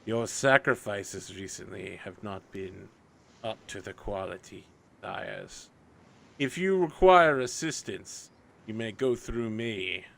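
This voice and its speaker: Man doing a deep slow demon clerk, formal and creepy, for a tabletop game. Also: vocal fry, fairly bright tone, exaggerated voice. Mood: formal menace. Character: sinister demonic male servant answering a portal call.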